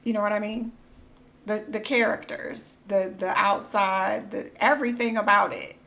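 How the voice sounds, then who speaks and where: A young woman live-streaming, chatting casually and reacting excitedly, gasping and squealing, then muttering quietly to herself. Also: mid-range voice, normal speed, gravelly.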